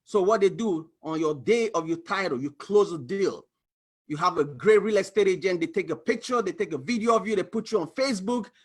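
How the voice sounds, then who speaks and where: A man with a high voice walks viewers through a money diagram shown on his screen. He talks in an animated way and slips into quick acted-out exchanges with a bank and a spouse. His tone is that of a coach pitching his advice. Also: breathy edge. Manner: animated, acts out little dialogues, exclaims. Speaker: financial coach. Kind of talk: screen-share explainer talk.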